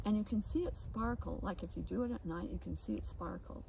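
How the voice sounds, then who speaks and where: A woman's voice: mid-range voice, fairly quick, gravelly, warm tone, slight background noise, low-quality recording. Rambling woman telling a story, laughing. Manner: rambling, laughing, many restarts. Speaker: podcast co-host. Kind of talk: casual storytelling chat. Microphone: phone recording.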